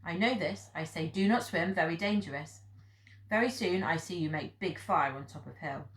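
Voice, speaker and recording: Woman voicing a gruff old hermit man, broken English. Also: lowish voice, normal speed, roomy sound, lightly acted, poor audio. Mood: stern. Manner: broken English, blunt clipped phrases.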